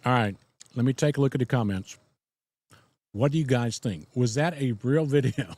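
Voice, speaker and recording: Medium in pitch and a little mellow, this Southern-accented man talks animatedly at a moderate pace, with no room sound. He hosts a laid-back podcast live stream, wandering off on folksy tangents, chuckling frequently, and reading out comments from viewers.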